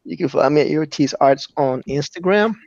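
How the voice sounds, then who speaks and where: A man's voice: fairly high pitch, brisk, gravelly, darkish tone, dry recording. Chill guy hosting a stream, dry muffled audio, easygoing pep-talk vibe. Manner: laid-back, encouraging, says "man" a lot. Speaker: host. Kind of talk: casual livestream chat.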